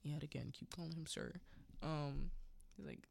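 A woman's voice: low voice, fairly even intonation, normal speed, vocal fry, a little mellow, husky. A woman hosting a podcast, casually recapping a movie in a rambling way with frequent laughs and fillers; English is not her first language. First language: a language other than English. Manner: rambling, laughs between lines, fillers like yada yada. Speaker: podcast host.

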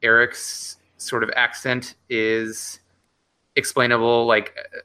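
A man's voice: medium pitch, completely flat delivery, bright, forceful tone, smooth. A man co-hosting a casual game chat, weighing his points with hedges and filler words. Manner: measured, hedging, fills pauses with 'um' and 'like'. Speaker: podcast co-host.

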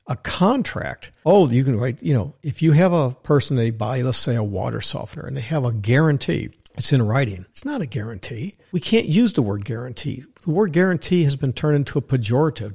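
A husky older man hosts his own show and rants in a blunt, animated way. His voice sits at a middle pitch and has a rough, breathy edge. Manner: blunt, ranting, animated, mocks others in put-on high voices. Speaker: podcast host. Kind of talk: opinionated solo talk.

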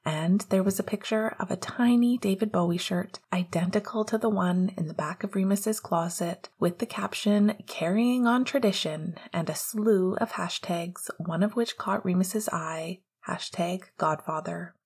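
A woman narrating an audiobook chapter in a steady, measured storytelling voice. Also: fairly low pitch, slightly rough. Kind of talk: audiobook reading of fan fiction.

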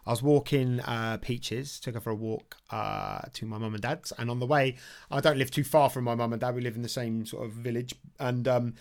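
A man's voice: medium pitch, steady tone, brisk, darkish tone. A man co-hosting a podcast in a chatty, jokey way, laughing often. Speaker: podcast co-host. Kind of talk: casual chat.

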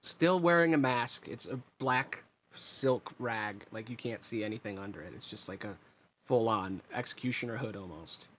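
A man running a tabletop game as game master, describing scenes in a relaxed, rambling way. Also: lowish voice, moderate pace, slight background noise.

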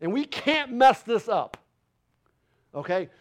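Fiery high-voiced preacher man. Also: sing-song, takes it slowly. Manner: passionate, emphatic, rising to loud declarations; casual folksy phrasing, rhetorical questions. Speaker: pastor. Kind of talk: sermon. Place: church sanctuary.

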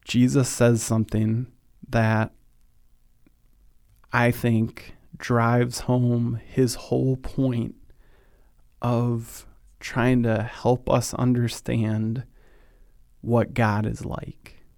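Male podcast host, unhurried and even-toned, earnest and reflective, on a dry close mic. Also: mid-range voice, vocal fry, no echo. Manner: earnest, thoughtful, slows down on solemn points. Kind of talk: reflective faith podcast talk.

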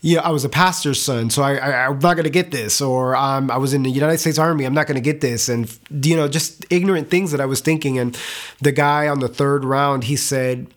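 A young man giving an earnest, emotional personal faith testimony, halting at times and repeating words. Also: mid-range voice. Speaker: testimony speaker.

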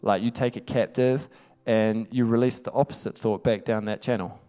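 Male preacher, clear resonant tone, emphatic conversational delivery. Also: lowish voice, steady tone, normal speed, warm tone. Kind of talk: sermon.

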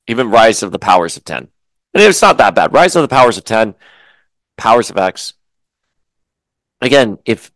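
A man giving a casual, animated and opinionated spoken comic book review, with frequent asides and restarts, eating as he talks. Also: on the low side, no echo. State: chewing food while talking.

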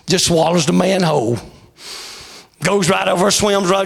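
Gravelly preacher shouting a sermon. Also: male voice, high voice, animated, normal speed. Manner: shouting, sing-song preaching cadence. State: voice wearing out. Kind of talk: revival sermon.

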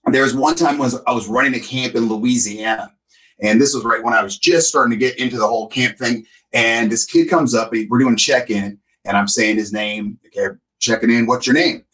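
A man co-hosting a casual podcast chat, an animated and emphatic storyteller. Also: mid-range voice, fairly quick. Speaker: co-host. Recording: voice a bit distant from the mic.

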